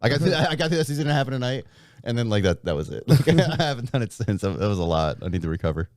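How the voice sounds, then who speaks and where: A man chatting on a movie podcast, quick and self-deprecating, laughing often. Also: medium pitch, sing-song, darkish tone, dry recording, clean studio sound. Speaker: podcast co-host. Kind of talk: casual chat.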